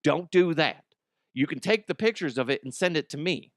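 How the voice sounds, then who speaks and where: A man's voice: on the high side, lively intonation, no room sound, clean studio sound. Crude, laughing male podcast host. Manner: crude, irreverent, quick to laugh. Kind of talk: comedic podcast mailbag.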